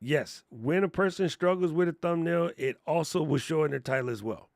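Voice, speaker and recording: A man hosting a casual livestream class on thumbnails, telling stories in slangy, animated talk and laughing often. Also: fairly high pitch, moderate pace, gravelly, no echo, studio quality. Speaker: host and content coach. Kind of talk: casual livestream teaching chat.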